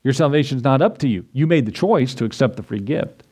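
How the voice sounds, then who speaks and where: A man preaching a sermon to his congregation, conversational and then rising to excited emphasis. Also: medium pitch, a little fast, breathy edge. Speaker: pastor.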